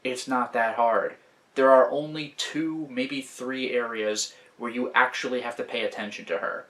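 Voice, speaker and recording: A man's voice: mid-range voice, steady tone, pushed and bright. Chatty man rambling over a game. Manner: rambling, chatty, with quick restarts. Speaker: let's play host. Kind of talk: casual game commentary.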